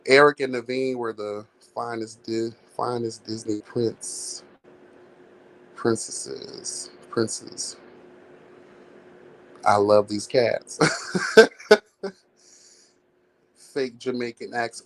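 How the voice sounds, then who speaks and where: This sassy, chatty livestream host gossips casually from home with cats around, addressing listeners as girl and honey, slipping into snatches of song and laughter. The voice is mid-range with fairly even intonation, very slow, with long pauses.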